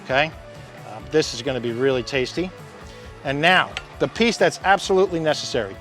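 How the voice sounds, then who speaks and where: An upbeat man with a somewhat high voice walks viewers through a cooking demonstration at the grill. He is chatty and talks straight to the audience as the show's host. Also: lively intonation, brisk, a bit bright, soft background music.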